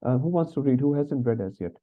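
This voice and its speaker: A man's voice: mid-range voice, lively intonation, fast talker. A man teaching an online scripture class, chatty and asking little tag questions. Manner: conversational, frequent tag questions. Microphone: video call. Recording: tinny phone-like call audio.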